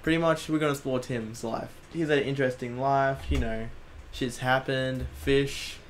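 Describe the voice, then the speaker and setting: A man's voice: mid-range voice, fairly even intonation, moderate pace, a little hiss or hum. Crude rambling young man. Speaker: host. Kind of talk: casual chat.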